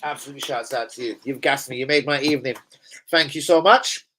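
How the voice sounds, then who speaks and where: A man hosting a casual live stream, sweary and rambling as he shouts out his viewers. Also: mid-range voice, quick pace, a little hiss or hum, low-quality recording. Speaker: live-stream host and football fan. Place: home room with a laptop. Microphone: laptop setup.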